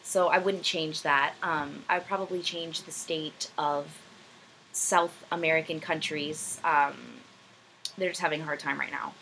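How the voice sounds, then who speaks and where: A woman's voice: sits low, steady tone, unhurried, pushed and bright, a little hiss or hum, low-quality recording. Hesitant young woman vlogging. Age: young adult. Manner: rambling, self-deprecating, hesitant with many ums. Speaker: vlogger answering viewer questions. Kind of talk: casual chat. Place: room at home, backlit.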